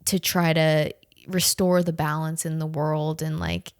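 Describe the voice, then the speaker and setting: Slangy, profane young woman, low voice. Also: measured pace, clean tone, no room sound, studio quality. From southern United States. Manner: profane, slangy and animated, heavy use of "like". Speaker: podcast host. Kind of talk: casual storytime chat.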